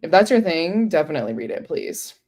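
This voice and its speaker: A woman's voice: low voice, sing-song, brisk, darkish tone. A woman chatting casually on a book livestream, rambling with lots of fillers and answering viewers' comments. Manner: many fillers like "um" and "like". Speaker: book streamer.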